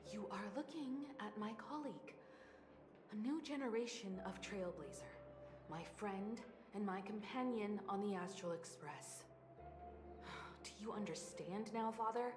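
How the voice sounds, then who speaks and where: An actress playing a composed young woman who is cool toward her father, calm and measured. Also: mid-range voice, lightly acted. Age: young adult. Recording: echoey game audio with loud music.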